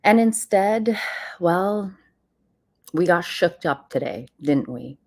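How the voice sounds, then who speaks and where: Slow-talking low-voiced woman on a livestream. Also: expressive, a little mellow. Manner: chatty, addresses viewers as friends. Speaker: host of a livestream channel. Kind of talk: casual livestream commentary. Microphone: computer mic on a live stream.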